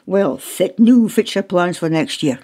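A woman with a North-East Scots accent hosts a radio chat and gushes over her guests. Her pitch swoops up and down in lively, animated turns. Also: measured pace. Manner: warm, effusive. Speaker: radio host. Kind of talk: casual chat.

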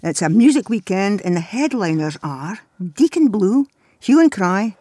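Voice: medium pitch, big pitch swings, normal speed, dark tone, dry recording. Playful Scottish radio host, dry studio sound. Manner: jokey, playful, chatty. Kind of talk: casual radio chat.

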